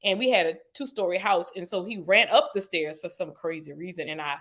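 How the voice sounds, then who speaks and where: Lady on a podcast telling her story, chatty, lots of fillers, voice shoots way up on quotes. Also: brisk. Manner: animated retelling, acts out quotes with sharp pitch jumps; frequent "you know" and "like" fillers. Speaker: podcast guest.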